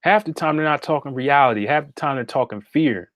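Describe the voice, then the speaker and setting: Speaking fairly quickly in a mid-range voice with a somewhat bright tone, a male livestream host and spiritual consultant chats casually from his home meditation room. He is direct and repetitive, regularly asking viewers "okay?", and the studio-quality recording is dry.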